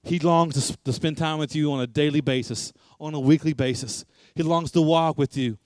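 A man's voice: on the high side, fairly quick, darkish tone, no echo. A man preaching a sermon, emphatic and repetitive, asking rhetorical questions.

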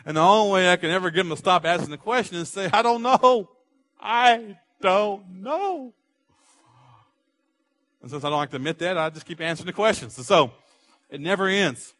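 Animated preaching man, higher voice. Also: racing. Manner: animated preaching, acts out quotes with rising volume; repetitive, rhythmic phrasing. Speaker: pastor. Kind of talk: sermon.

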